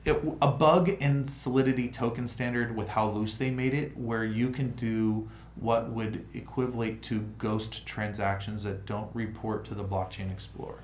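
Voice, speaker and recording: A man hosting a casual livestream chat, talking in an animated, rambling way full of restarts. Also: lowish voice, moderate pace, few pauses. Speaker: crypto project host. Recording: roomy room with faint noise.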